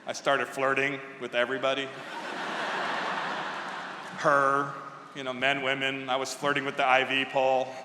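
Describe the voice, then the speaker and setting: A man's voice: mid-range voice, completely flat delivery, normal speed, long pauses, background noise. Wry man speaking in an echoey hall. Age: 50s. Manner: wry comic storyteller. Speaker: commencement speaker. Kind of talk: humorous commencement speech. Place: large ceremony hall. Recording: echoey hall with long reverb.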